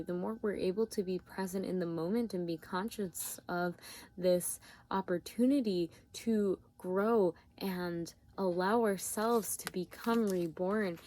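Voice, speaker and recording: A tired woman giving a spiritual tarot reading, talking gently with searching, repetitive phrasing and many fillers. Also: medium pitch, slight background noise. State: yawning, tired. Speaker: tarot reader.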